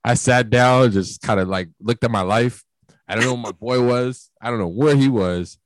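A man's voice: medium pitch, moderate pace, no echo. A young man casually telling a profane party story, acting out the lines of the people in it. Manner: animated, profane storytelling that acts out quoted lines. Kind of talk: casual chat.

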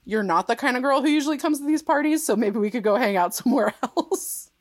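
A woman's voice: high voice, animated, quick pace, dry recording, studio quality. A woman co-hosting a podcast, casually recapping a TV episode, peppering her talk with "like" and laughing often. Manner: chatty, frequent "like" fillers, laughs often. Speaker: podcast co-host.

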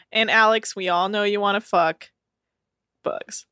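Chatty, animated woman co-host. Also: medium pitch, moderate pace, smooth, dry recording, studio quality. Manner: animated, chatty, acting out quotes. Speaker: podcast co-host. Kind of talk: casual chat recapping a reality show.

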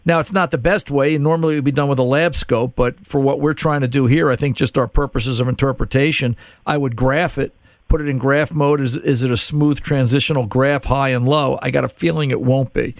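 A man's voice: medium pitch, steady tone, fairly quick, no room sound, clean studio sound. A middle-aged man hosting a call-in car-repair radio show, explaining in a casual, conversational way and repeating words while he thinks.

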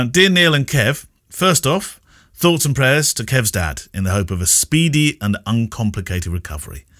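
A man's voice: medium pitch, a bit bright, dry recording, studio quality. A man hosting a podcast, joking with his co-host and reading listener mail aloud. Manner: teasing, laughs often.

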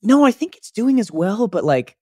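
Animated young man rambling in casual chat. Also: sits high, moderate pace, dry recording. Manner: rambling, animated storytelling with many fillers. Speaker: podcast co-host.

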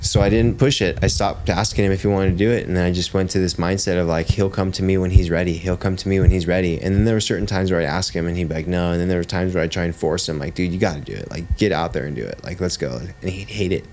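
Deep-voiced guy in his 30s, jiu-jitsu coach, swears a lot, keeps saying dude. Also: steady tone, fast, hardly any pauses, a little mellow, slight background noise. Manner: blunt, swears freely, says "dude" often. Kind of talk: casual podcast storytelling.

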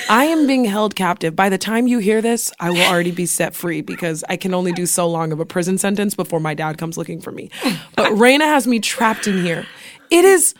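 A young woman co-hosting a podcast, chatting casually in a playful, dramatic way and laughing often. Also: mid-range voice. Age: young adult. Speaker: podcast co-host. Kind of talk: casual chat.

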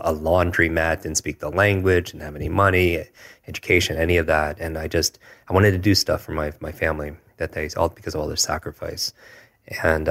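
A man in his forties recounts his past as an interview guest, earnest and reflective. His voice sits extremely low, and his pitch moves very little. He often pauses on asides like "if you will". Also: a bit bright. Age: 40s. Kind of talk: personal storytelling in an interview.

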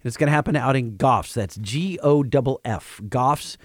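A man co-hosting a podcast in casual chat, his voice worn and husky from a swollen throat, joking and cutting in on his co-host. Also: medium pitch, normal speed, dry recording, clean studio sound. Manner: joking, chatty, talks over his co-host. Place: small cramped room.

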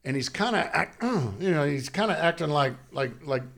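There's a creaky, slightly high quality to the voice of this middle-aged former pro first baseman, who speaks at a moderate pace. As a guest in casual conversation, he tells an animated story and laughs through it.

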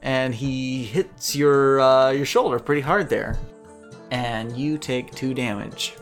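A man's voice: mid-range voice, fairly even intonation, slow, soft background music. A man narrating a tabletop game as game master, chatty and laughing often.

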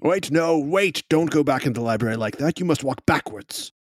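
A man's voice: fairly high pitch, expressive, fairly quick, no echo, voice pushed up. A man playing a stuffy, pompous townsman in a tabletop game, speaking in a raised, fussy voice. He lectures and scolds in formal, old-fashioned words. The recording is dry and close. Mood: lecturing.

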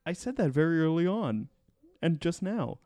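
A man's voice: a little high, very animated, moderate pace, warm tone, dry recording, studio quality. A man hosting a podcast, chatting casually and rambling with many fillers as he reviews a TV show. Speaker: podcast host.

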